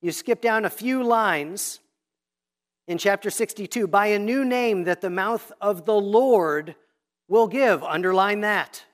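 A man's voice: high-pitched, measured pace. A man preaching in a church, walking the congregation step by step through marking up a Bible passage. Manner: instructive, walking listeners step by step through a text. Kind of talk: sermon teaching Bible study method. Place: church sanctuary.

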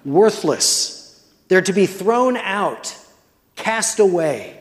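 Slow, high-voiced preacher in a reverberant hall. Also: male voice, animated. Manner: measured, deliberate preaching with slow emphasis; asks the congregation questions. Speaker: pastor. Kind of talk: sermon. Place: church.

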